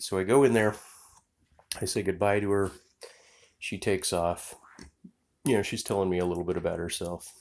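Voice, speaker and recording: A man's voice: low-pitched, fairly even intonation, normal speed, vocal fry, pauses often. A man telling a rambling travel story as a vlogger, digressive and profane, often losing his train of thought. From United States.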